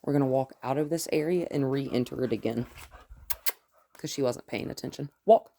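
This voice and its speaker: A woman dog trainer who gives calm, firm commands to a dog and explains each step to the viewer. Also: extremely low pitch, moderate pace. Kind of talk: dog training lesson, talking to camera and dog.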